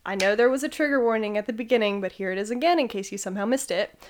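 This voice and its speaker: A woman's voice: a little high, racing, a little hiss or hum. A young woman hosting a podcast, telling a story casually, giggling and stumbling over names. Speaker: podcast host.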